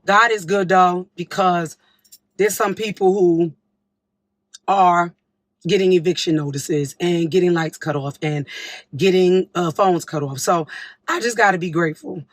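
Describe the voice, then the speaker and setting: Casting: woman, mid-pitched, blunt and slangy, dry close sound. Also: no echo. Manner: slangy, direct advice to viewers. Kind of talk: casual social media talk.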